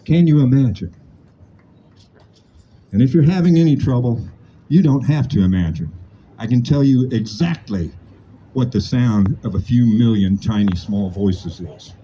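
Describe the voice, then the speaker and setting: A man's voice: medium pitch, measured pace, long pauses, warm tone, slight background noise, poor audio. Older man giving an impassioned rally speech. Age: 60s. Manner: impassioned, repetitive rhetorical cadence. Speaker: protest speaker. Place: outdoor protest rally.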